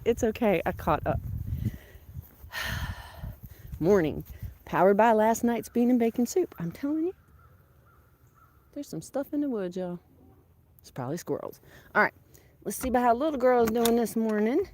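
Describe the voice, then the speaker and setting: A woman with a drawl, talking to her followers as she walks her farm with a phone. Her voice swings up and down with a lot of life, and she rambles in a chatty, animated way. It's recorded outdoors on a handheld phone. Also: fairly high pitch, moderate pace, long pauses. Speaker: farm vlogger. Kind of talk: casual live-stream chat.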